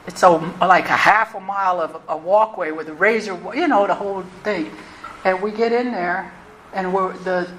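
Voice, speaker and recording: A woman, telling her personal recovery story to a meeting in a candid, conversational and animated way. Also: mid-range voice. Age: 60s. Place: meeting hall. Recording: roomy hall, faint noise.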